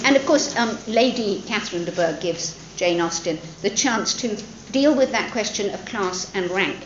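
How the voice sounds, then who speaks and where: A woman's voice: medium pitch, lively intonation, moderate pace, roomy sound, highs cut off, background noise. A woman lecturing on a classic novel, thoughtful, with frequent fillers and restarts. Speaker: literature lecturer.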